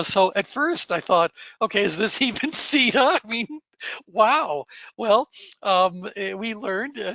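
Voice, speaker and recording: A man's voice: fairly high pitch, gravelly, bright, forceful tone, no echo. A middle-aged man teaching a coach training lesson in a conversational, explanatory way with frequent ums and uhs. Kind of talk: recorded training lecture.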